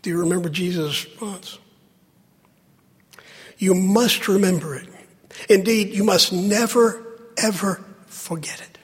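A man preaching a sermon, with dramatic pauses and lines that drop to a hush. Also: high voice, breathy edge. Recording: long hall reverb.

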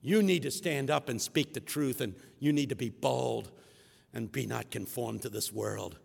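A man preaching a sermon with call-and-response rhythm, swinging from shouts to hushed tones in a large hall. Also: mid-range voice, normal speed, gravelly, slightly rough. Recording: echoey hall reverb.

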